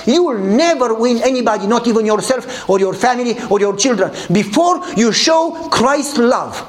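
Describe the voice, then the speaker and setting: A man with a Romanian accent preaching a sermon, telling a story in which he acts out the dialogue and laughs often. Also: very high voice.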